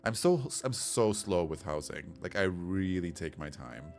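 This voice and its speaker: Man, low voice, casual rambling stream chat, soft music behind. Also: very animated, a little slow, vocal fry. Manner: chatty, rambling, reads chat aloud. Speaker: game streamer. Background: soft background music.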